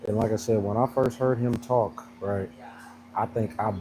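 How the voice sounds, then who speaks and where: A man's voice: lowish voice, fairly even intonation, moderate pace. A man vlogging at a gym in casual chat, rambling and laughing as he tells a story. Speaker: fitness vlogger. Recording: noisy background.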